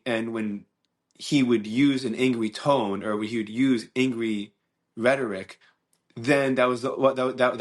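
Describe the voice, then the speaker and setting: A man hosting a solo podcast, talking earnestly and reflectively, searching for words with many restarts and fillers. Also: mid-range voice. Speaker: podcast host. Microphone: mic and camera.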